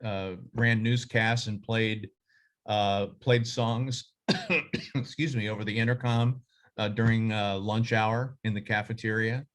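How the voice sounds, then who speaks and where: A middle-aged man who leads a journalism association speaks in a low voice. He rambles through career advice and stories, with many fillers and restarts. The tone is casual and reflective. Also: fairly even intonation, slow, a bit bright.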